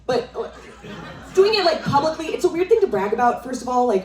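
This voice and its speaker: A woman's voice: high-pitched, big pitch swings, fairly quick, darkish tone. Woman doing stand-up in a roomy club. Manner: conversational, teasing the crowd. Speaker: stand-up comedian. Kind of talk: stand-up comedy set. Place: live comedy club stage. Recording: roomy, distant venue sound with crowd laughter.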